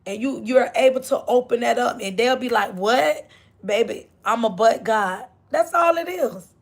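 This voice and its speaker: An older woman with a fairly high, gravelly voice hosts a livestream, speaking at normal speed as she gives an inspirational faith talk. She repeats her phrases and greets viewers by name.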